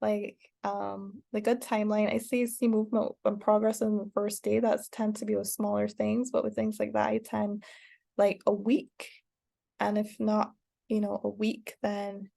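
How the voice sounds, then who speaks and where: A woman teaching an online course in a casual, rambling way, with many fillers and restarts and sudden bursts of excited cheering. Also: mid-range voice, normal speed, creaky. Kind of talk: casual spoken lesson.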